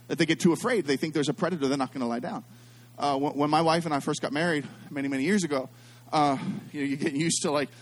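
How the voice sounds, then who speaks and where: A middle-aged male pastor with a slightly high voice preaches through stories, shifting between quiet, hushed passages and loud, excited ones.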